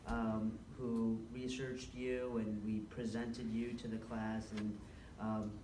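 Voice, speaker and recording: A man speaks from across an echoey room, hesitant and earnest, stopping often as he gathers his words. Clear background noise is audible behind him. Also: fairly low pitch, level tone, slow, mellow, far from the mic. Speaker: class participant. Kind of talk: spoken thanks in a class.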